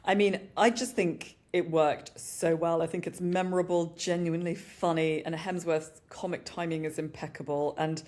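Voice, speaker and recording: In a casual marketing chat, a British podcast co-host gives lively, upbeat commentary on advertising, peppering her speech with "you know." She has a fairly low-pitched voice and talks at a normal speed with few pauses.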